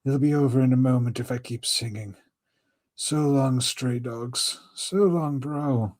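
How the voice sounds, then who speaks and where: A man's voice: medium pitch, unhurried, darkish tone, voice pushed up, close to an everyday voice. Brook, as a man puts him on in a chirpy English lilt. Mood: somber. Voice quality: upbeat, laughing, calls everyone bro. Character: cheerful young male musician, friendly. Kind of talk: reading manga lines aloud.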